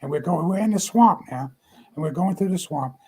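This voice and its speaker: An older man, a guest, tells stories in a folksy, homespun manner. His voice is husky and sits a touch high. He sprinkles practical advice between the turns of the tale. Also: animated, fairly quick, mellow, low-quality recording. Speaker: guest storyteller. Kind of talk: folksy storytelling.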